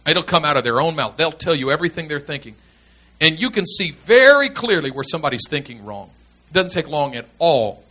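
A man's voice: fairly high pitch, pushed and bright. A man teaching in a sermon style, earnest and emphatic, repeating his key points. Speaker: pastor teaching pastors.

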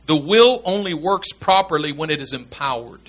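A man's voice: fairly high pitch, expressive, normal speed, a bit bright. A man teaching in a sermon style, earnest and emphatic, repeating his key points. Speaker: pastor teaching pastors.

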